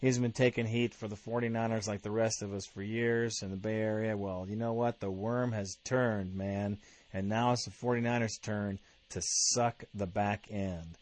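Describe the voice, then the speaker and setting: A man's voice: lowish voice, steady tone, moderate pace, a little mellow, no echo. A man hosting a fan podcast, talking in a casual, emphatic monologue full of enthusiasm. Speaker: podcast host.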